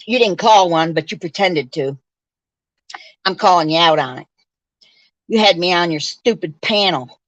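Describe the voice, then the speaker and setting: A woman's voice: lowish voice, lively intonation, unhurried, no echo, lo-fi sound. A woman in her seventies from upstate New York, ranting bluntly and heatedly on a livestream, with a profane, combative manner. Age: 70s. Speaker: livestream host.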